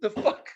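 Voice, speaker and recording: A man co-hosting a podcast, telling a story in casual chat, swearing a lot and acting out quotes loudly. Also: extremely high pitch, a little hiss or hum. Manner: profane, animated storytelling with loud acted-out quotes. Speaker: podcast co-host.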